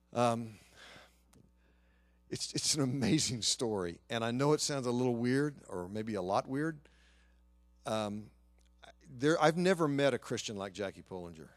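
A man as a pastor, telling a story in an earnest sermon and lively when quoting others. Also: medium pitch, dry recording.

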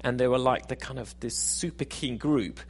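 A man's voice: medium pitch, normal speed, slightly rough. A man preaching a sermon in a conversational, self-deprecating, jokey way.

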